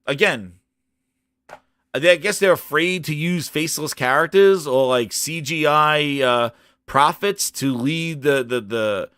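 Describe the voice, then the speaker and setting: A man hosting a gaming channel, ranting about a show in an animated, mocking way and jumping up into high shouts. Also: smooth, no room sound, clean studio sound.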